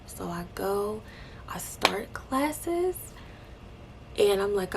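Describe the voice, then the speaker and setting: A young woman telling a personal faith testimony, emotional and animated, dropping into breathy hushed asides. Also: mid-range voice, slow pace, long pauses, very noisy. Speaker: vlogger sharing a faith testimony.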